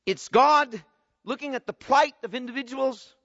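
A man delivers an expository sermon in a high, bright voice. He moves between quiet, low-voiced explanation and loud, emphatic bursts. The sound is slightly muffled and carries a long reverb from a large hall. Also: normal speed. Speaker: preacher.

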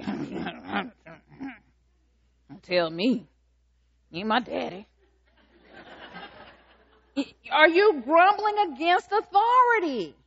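A high-pitched woman preaches in an emphatic, questioning way, pressing the congregation again and again. The sound is a little dull and lo-fi. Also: fairly bright tone. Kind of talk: sermon.

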